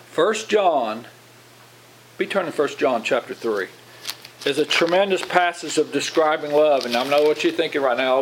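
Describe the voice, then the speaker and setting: This man sits a bit higher than most men's voices as he teaches scripture in an informal, chatty way. He keeps turning to his listeners with questions and doubles back on his words mid-sentence. A faint hiss of room noise sits under him. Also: moderate pace, poor audio. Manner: informal, asks congregation questions, repeats words. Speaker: pastor. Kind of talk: conversational Bible teaching.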